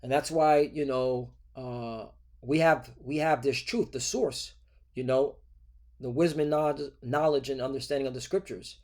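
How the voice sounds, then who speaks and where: A man giving an informal sermon lesson, conversational and halting, tagging nearly every phrase with "all right" or "okay". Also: medium pitch, fairly even intonation, a little mellow. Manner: halting, repeated fillers and restarts. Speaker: preacher.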